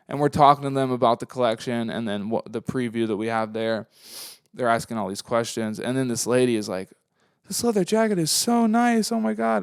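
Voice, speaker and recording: A man's voice: medium pitch, smooth, no echo, studio quality. A young man hosting a podcast, talking casually in a rambling, profane monologue that swings into heated rants. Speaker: podcast host.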